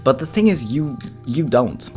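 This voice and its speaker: A host giving casual commentary on reaction clips, rambling with many filler words. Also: male voice, medium pitch, very animated, unhurried, dark tone, soft background music.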